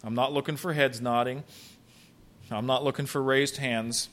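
A man's voice: medium pitch, fairly even intonation, moderate pace, a bit bright. A male pastor preaching a sermon emphatically, with many rhetorical questions.

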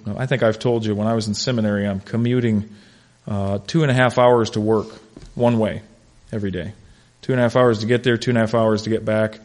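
Speaking at a medium pitch, a man leads a Bible class conversationally, telling stories with animated delivery and calling on class members by name.

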